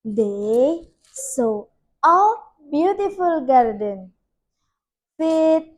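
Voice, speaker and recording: A woman's voice: sits high, sing-song, very slow, low-quality recording. A young woman with an Indonesian accent, a student reading a fairy tale aloud carefully, with small slips. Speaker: student storyteller.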